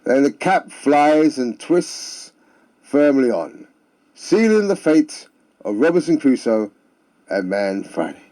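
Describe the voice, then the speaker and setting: A man's voice: medium pitch, big pitch swings, slow, warm tone. A man telling comic stories and jokes in a theatrical manner with sing-song refrains. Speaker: storyteller. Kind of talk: comic storytelling.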